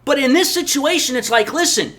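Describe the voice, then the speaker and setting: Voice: high-pitched, animated, fairly quick, a bit bright. A sports channel host giving emphatic, exasperated opinion commentary on football. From Detroit area, USA.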